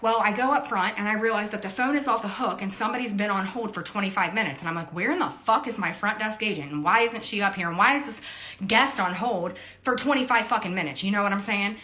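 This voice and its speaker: A woman telling a story in a casual, animated way, swearing often and acting out her coworkers' lines. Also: mid-range voice, fast talker. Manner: animated, swearing, jumps between hushed aside and loud outbursts.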